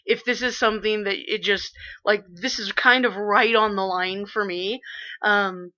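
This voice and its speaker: Bright-voiced woman co-hosting a lo-fi stream. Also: mid-range voice, fairly even intonation, unhurried. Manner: hedging, with fillers. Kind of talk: casual chat about anime. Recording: dull lo-fi online radio stream.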